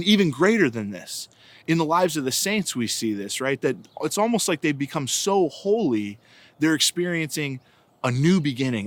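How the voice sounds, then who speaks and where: A man's voice: mid-range voice, a bit bright, dry recording. Man giving a chatty faith reflection. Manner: conversational, anecdotal, frequent "right?" and "like". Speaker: diocesan director of evangelization. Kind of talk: informal catechetical reflection.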